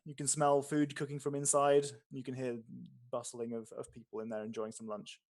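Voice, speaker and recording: A man narrating as game master for a tabletop game. He describes places and people at an unhurried pace, often hesitating and restarting. His voice sits at a middle pitch. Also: monotone, a little mellow. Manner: descriptive, with frequent fillers and restarts.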